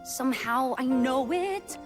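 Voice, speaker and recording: Charlie, a very high, light, hopeful singer. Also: female voice, animated, unhurried, music in the background. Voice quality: light, with vibrato. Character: hopeful, cheerful young demon princess. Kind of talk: musical theatre singing in an animated show. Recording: song clip over loud orchestral backing.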